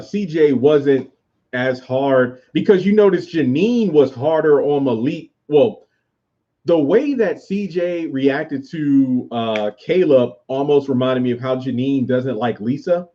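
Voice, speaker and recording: A man's voice: medium pitch, measured pace, muffled recording. A man hosting a casual livestream, rambling as he answers viewers' comments aloud. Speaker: YouTube host reviewing a TV show.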